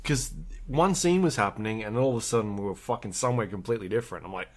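A man co-hosting a podcast, telling stories in a relaxed, casual way with frequent swearing. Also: fairly low pitch, racing. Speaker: podcast co-host. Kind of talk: casual chat.

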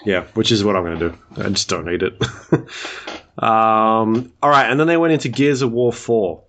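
A man's voice: on the low side, normal speed, fairly bright tone. A man co-hosting a gaming podcast, easygoing and joking as he runs through the news. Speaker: podcast co-host. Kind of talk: casual chat.

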